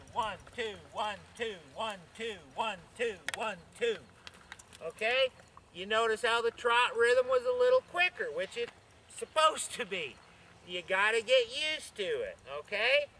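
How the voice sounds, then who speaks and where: Speaking in a very high, sharp voice over a slight hiss or hum, a man teaches horse riding while mounted outside. He calls out stride counts and checks on the people listening.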